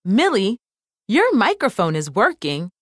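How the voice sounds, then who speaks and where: A woman voicing a cheerful young girl who doctors toys, speaking gently and confidently. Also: medium pitch, wildly swooping pitch, measured pace, no echo, clean studio sound.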